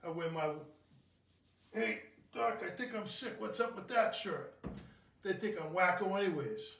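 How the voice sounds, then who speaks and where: A man's voice: high-pitched, animated, moderate pace, fairly bright tone, far from the mic, a little hiss or hum. A man hosting a casual home cocktail video, rambling and joking about himself as he mixes a drink. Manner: jokey, rambling, self-mocking. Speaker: cocktail show host. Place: home kitchen. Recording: roomy, from off the mic.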